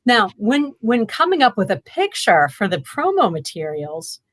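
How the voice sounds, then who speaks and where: A woman's voice: mid-range voice, very animated, normal speed. A woman who edits a magazine, telling stories in a chatty, amused way on a casual chat show. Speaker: magazine editor-in-chief.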